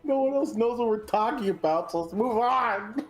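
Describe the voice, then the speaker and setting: A man with a very high, bouncy voice jokes around at a game table, laughing through his teasing. Faint music plays in the background. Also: expressive, moderate pace. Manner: giggly, teasing banter. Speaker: player. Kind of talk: casual chat at a game table.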